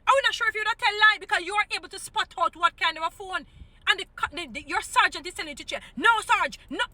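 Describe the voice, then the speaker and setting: A woman's voice: very high-pitched, fast talker, sharp tone, no echo. A middle-aged woman with a Jamaican accent, ranting in an indignant, scolding commentary and repeating her points.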